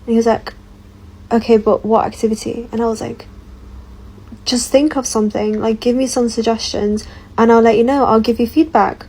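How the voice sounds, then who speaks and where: A woman's voice: fairly high pitch, steady tone, moderate pace, a little mellow, husky, poor audio. A woman telling a dating story casually, with wry amusement.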